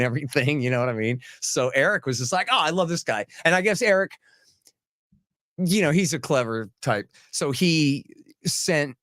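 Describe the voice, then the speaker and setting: A man hosting a podcast, chatting casually and telling animated, chuckling stories. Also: medium pitch, no room sound, studio quality. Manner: animated, chuckling, repeats phrases. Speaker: podcast host. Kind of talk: casual chat, anecdotal storytelling.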